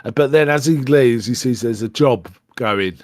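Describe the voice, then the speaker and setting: A man's voice: medium pitch, a little mellow, dry recording, clean studio sound. Rambling man recapping a film. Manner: rambling and halting, many fillers and restarts. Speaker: podcast co-host. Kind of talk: casual film recap chat.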